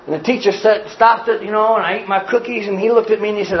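A man preaching a sermon, telling a story in an animated, folksy way and acting out the scenes for a live congregation. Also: sits high, fast, lo-fi sound. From grew up poor in a small family.

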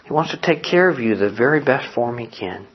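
An older man preaching a sermon, animated, moving between hushed and loud passages. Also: mid-range voice, a little fast, dull audio. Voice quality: gravelly, husky. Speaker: pastor.

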